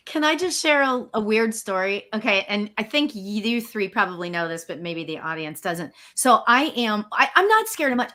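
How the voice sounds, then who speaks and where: A woman's voice: mid-range voice, big pitch swings, moderate pace, few pauses, bright, forceful tone. A woman speaking candidly and expressively in a podcast panel conversation. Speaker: psychic medium.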